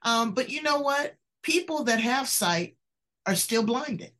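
A woman's voice: fairly high pitch, expressive, takes it slowly, a bit bright. A woman hosting an interview show, effusive and conversational. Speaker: show host. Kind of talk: interview chat.

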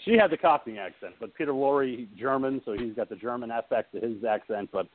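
On a horror movie podcast, a male co-host chats casually and enthusiastically, rambling and often laughing. His medium-pitched voice runs a little fast, and the audio sounds tinny, like a phone.

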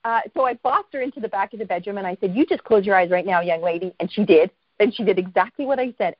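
A woman guest telling a story in a casual interview, lively and self-deprecating, acting out the voices of people she quotes. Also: fairly high pitch, no room sound, muffled recording.

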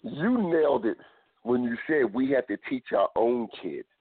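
A man's voice: mid-range voice, very animated, normal speed, background noise. A man hosting a casual talk show who often repeats words and restarts his phrases. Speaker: podcast host. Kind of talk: casual chat. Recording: tinny phone-line sound, dry.

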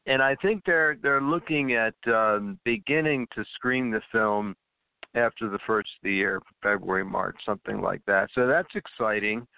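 Speaking unhurriedly in a lowish, gravelly yet clear and resonant voice, a male actor guest chats about his projects and laughs frequently. It's a casual interview captured as dry, phone-like call audio.

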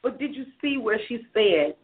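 A woman's voice: a little high, animated, moderate pace, background noise. Agreeable co-host woman, tinny line. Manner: affirming, agreeable, chiming in. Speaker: talk show co-host. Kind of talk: advice talk show chat. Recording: tinny phone-like sound.

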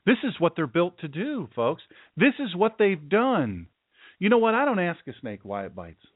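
A man who is a pastor hosting his own show, preaching forcefully and emphatically, often repeating himself for effect. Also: high voice, huge pitch swings, moderate pace, no room sound. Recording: dry, tinny phone-like sound.

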